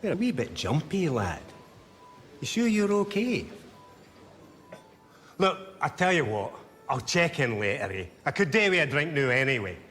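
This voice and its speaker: An actor playing a cheeky older Glaswegian prankster in a TV sitcom, talking in a thick accent and teasing everyone. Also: male voice, fairly high pitch, sing-song, normal speed, pauses often, fairly bright tone, breathy edge, soft background music, full character voice.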